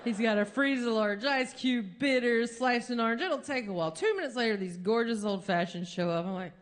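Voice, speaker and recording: A woman telling a long comic story on stage as a stand-up comedian, animated and jumping high in pitch when she acts out quotes. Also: a little fast, few pauses.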